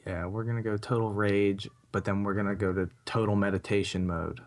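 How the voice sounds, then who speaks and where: A man's voice: fairly low pitch, fairly even intonation, fairly quick. A man co-hosting a podcast, chatting eagerly and rambling a little. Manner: enthusiastic, rambling. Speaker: podcast co-host. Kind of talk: casual podcast chat.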